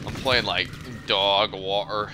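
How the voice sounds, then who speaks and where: A man streaming a shooter game in casual chat, excitable, swearing and yelling at the action. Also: on the low side, slow. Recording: game gunfire and vehicle noise behind voice. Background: game gunfire and explosions.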